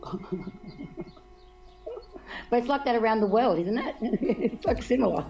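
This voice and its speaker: A woman's voice: fairly high pitch, expressive, a little slow, gravelly, warm tone, low-quality recording. A woman chatting casually, rambling with many restarts and laughs, background music. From Australia. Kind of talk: casual chat.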